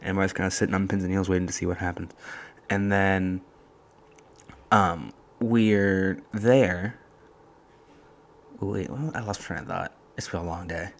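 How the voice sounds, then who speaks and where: Soft-spoken young man, deep voice. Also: fairly even intonation, a little slow, creaky, pauses often. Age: young adult. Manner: soft, hushed, rambling storytelling. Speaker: podcast host. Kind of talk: casual solo podcast chat. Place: college dorm room.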